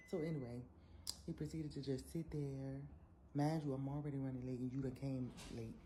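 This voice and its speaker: A young woman, telling an animated, sassy story in a casual vlog. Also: rumbling low, slight background noise. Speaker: vlogger.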